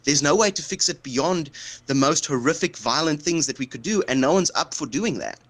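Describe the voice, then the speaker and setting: Agitated man debating, bright voice. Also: on the high side, animated, moderate pace. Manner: impassioned, rambling, heavy with fillers. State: emotional. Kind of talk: heated debate.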